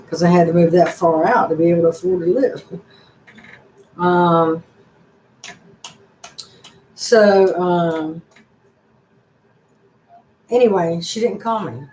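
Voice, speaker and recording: A woman's voice: on the low side, darkish tone, a little hiss or hum. An older woman hosting a casual live-stream chat, rambling along in a folksy, chatty way. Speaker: channel host. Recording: echoey room.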